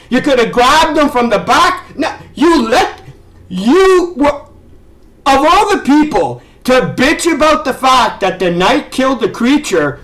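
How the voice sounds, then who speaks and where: A man's voice: very high voice, a bit bright, rough recording. A man ranting as a video reviewer, exasperated and sarcastic, swearing and stumbling over restarts as he talks. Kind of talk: ranting commentary.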